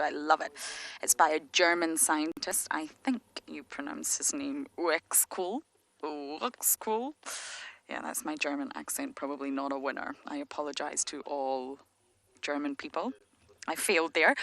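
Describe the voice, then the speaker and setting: Low-voiced woman giving enthusiastic safari commentary. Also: a bit bright, no echo. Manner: enthusiastic, explanatory, drops to a whisper near animals. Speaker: safari field guide. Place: open safari vehicle outdoors.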